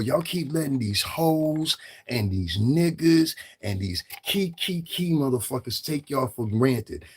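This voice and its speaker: A middle-aged man hosting his own livestream, cursing freely and challenging his viewers head-on. His voice is husky and sits at a middle pitch. He circles back over the same points with blunt repetition. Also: fairly bright tone. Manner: profane, confrontational, repetitive. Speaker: livestream commentator. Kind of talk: livestream rant.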